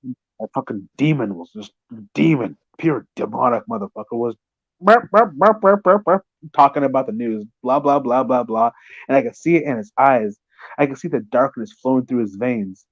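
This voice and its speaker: A man in a casual chat who tells animated, profane stories and acts out the people in them. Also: medium pitch, a little fast, dry recording, lo-fi sound. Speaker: conversation partner.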